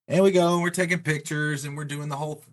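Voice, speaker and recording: A middle-aged Texan man appears as a podcast guest, his voice on the high side with fairly even intonation and a quick pace. He rambles through a casual story, leaning heavily on fillers like "you know" and "like."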